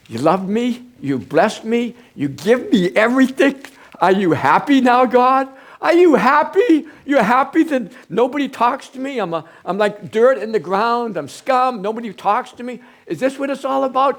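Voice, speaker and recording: A man voicing the biblical Job, an anguished and bitter man crying out against God in a high, strained voice. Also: animated, normal speed. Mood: bitter, accusing. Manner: high-pitched, strained, near-shouting lament.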